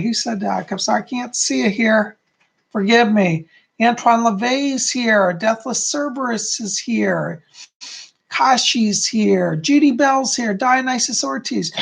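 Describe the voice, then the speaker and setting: Upbeat chatty man with gravelly voice. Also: high voice, fairly bright tone. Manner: chatty and upbeat, greeting viewers by name. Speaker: psychic hosting a live stream. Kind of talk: casual live-stream chat with viewers.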